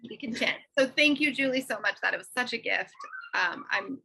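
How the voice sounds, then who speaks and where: A woman's voice: a little high, lively intonation, fairly quick, creaky, bright, forceful tone, slightly rough, low-quality recording. A woman co-hosting a casual chat about cross-stitch, chatty and enthusiastic, laughing often. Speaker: co-host.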